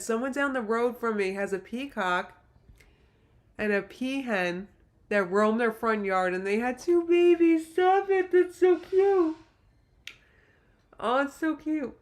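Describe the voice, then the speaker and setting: A woman in her late thirties hosts a casual YouTube livestream, reading viewer comments in a medium-pitched, slightly bright voice. She gets emotional and rambles, restarting often.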